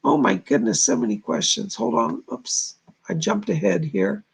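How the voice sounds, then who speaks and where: Gravelly, husky man doing live psychic readings. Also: high-pitched, huge pitch swings, moderate pace. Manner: chatty, relays messages with frequent "she said". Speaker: psychic medium. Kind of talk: live-streamed readings for viewers.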